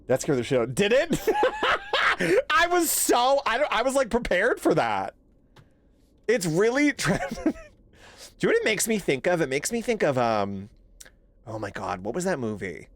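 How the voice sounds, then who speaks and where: Lively, laughing male game streamer. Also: high-pitched, a little slow, pauses often. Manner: animated, laughs often, swears, thanks chat. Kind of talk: casual live gameplay commentary.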